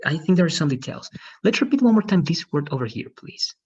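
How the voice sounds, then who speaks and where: Teacher on a video call, husky and muffled, coaching students' pronunciation patiently. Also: medium pitch, big pitch swings, brisk, a little mellow. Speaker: English teacher. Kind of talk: online language lesson.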